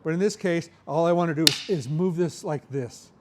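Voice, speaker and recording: A man's voice: a little high, moderate pace, background noise. A middle-aged man teaching a martial arts seminar, talking through each move as he demonstrates and checking in with "right?". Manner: talks through moves while demonstrating, frequent "right?" checks. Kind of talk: hands-on seminar instruction.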